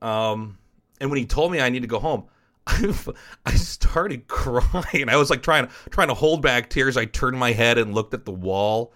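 A man's voice: mid-range voice, expressive, unhurried, bright, forceful tone. A man hosting a podcast, telling a personal story in a frank, rambling way and swearing casually. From United States. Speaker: podcast host and esports caster.

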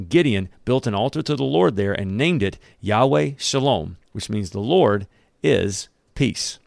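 Gravelly-voiced pastor preaching. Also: male voice, fairly low pitch, lively intonation, measured pace, a little mellow, no echo, clean studio sound. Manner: conversational, reads aloud and comments. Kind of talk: sermon with scripture reading.

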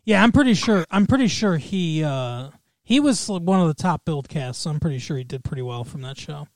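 A man's voice: fairly high pitch, expressive, a little fast, dry recording. A man co-hosting a podcast, chatting casually and agreeably with a joking edge. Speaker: podcast co-host. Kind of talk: casual chat.

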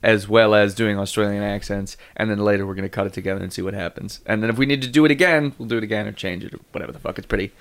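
A man's voice: on the low side, very fast, hardly any pauses, clear, resonant tone. A man co-hosting a comedy podcast, laying out plans in a loose, laughing way. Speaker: podcast co-host. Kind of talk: casual comedy chat.

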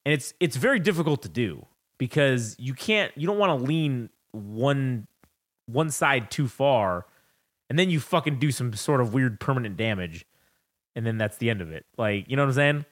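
A man's voice: mid-range voice, animated, moderate pace. A young man co-hosting a podcast, telling a rambling, profane story about raising his daughter in casual chat. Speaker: podcast co-host.

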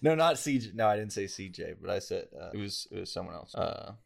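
Young man, podcast co-host, very low voice, gravelly fry, crude laughing banter. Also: expressive, a little fast. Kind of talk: casual chat.

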